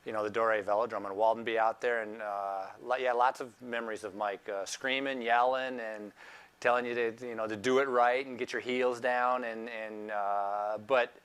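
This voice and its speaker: A man's voice: mid-range voice, little pitch movement, normal speed, a bit bright, smooth. A man, a former cyclist, fondly reminiscing in a documentary interview with frequent restarts.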